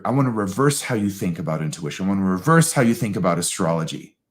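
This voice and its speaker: A man hosting a live astrology talk, answering audience questions in an animated, emphatic way with quick asides. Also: on the low side.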